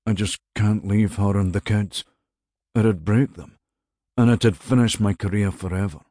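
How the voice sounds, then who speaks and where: A man's voice: low voice, a little mellow, dry recording, clean studio sound. A man playing a cruel middle-aged married man who dumps his mistress, simpering and condescending, then coarse and sneering. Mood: falsely sorry.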